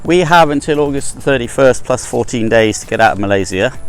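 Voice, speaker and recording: A middle-aged man rambles cheerfully through a walking vlog, trading self-deprecating asides with his viewers. His voice sits at an ordinary middle pitch, picked up by a handheld phone outdoors. Soft music plays faintly underneath. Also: expressive, a little fast, smooth. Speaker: travel vlogger. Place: outdoors on an overgrown hillside park path. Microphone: handheld phone camera without gimbal.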